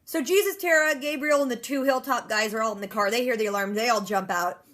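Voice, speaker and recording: A woman recapping a TV episode in a rapid, chatty way, dropping sarcastic asides. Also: fairly high pitch, fairly bright tone. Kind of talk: casual fast-paced episode recap.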